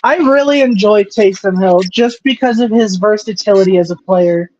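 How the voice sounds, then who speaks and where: A woman's voice: medium pitch, moderate pace, darkish tone, no echo. Profane woman calling plays casually. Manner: profane, running play-by-play remarks. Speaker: podcast co-host. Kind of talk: casual chat while watching football. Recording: dry, dull lo-fi sound.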